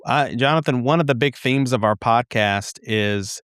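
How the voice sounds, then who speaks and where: A man with a Southern American accent, co-hosting a podcast and asking calm, measured questions. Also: mid-range voice, smooth, no echo, studio quality. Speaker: podcast co-host. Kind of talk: casual interview conversation.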